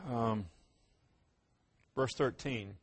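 A man preaching a sermon, posing rhetorical questions and answering them emphatically, his voice rising loud and dropping quiet. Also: medium pitch, drawn-out words, husky. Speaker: pastor.

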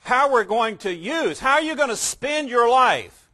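A man preaching a sermon, emphatic, slowing down to stress key words and mimicking casual believers in quick asides. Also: very high-pitched, lively intonation, bright, forceful tone.

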